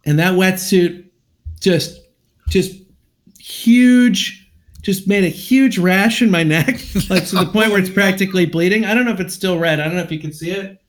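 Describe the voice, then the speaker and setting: A man's voice: high voice, normal speed. A man casually telling a long personal story on a podcast, acting out both sides of an argument.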